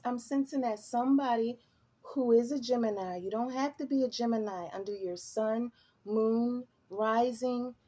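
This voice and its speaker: Woman tarot reader, slow musing delivery, somewhat high pitch. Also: mellow, husky. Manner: slow, musing and chatty, breaks into laughs. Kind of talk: tarot reading.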